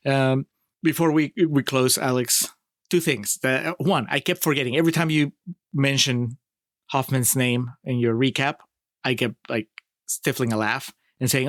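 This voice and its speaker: Animated laughing man in dry sound. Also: mid-range voice, normal speed, no echo. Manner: animated, laughing, swears freely. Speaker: podcast co-host. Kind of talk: casual film review chat.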